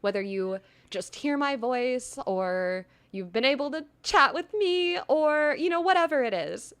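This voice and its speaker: A young woman hosting a live stream, chatting casually and gushing effusively, swinging between loud excitement and soft earnest talk. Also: high-pitched, measured pace, clean tone. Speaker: livestream host.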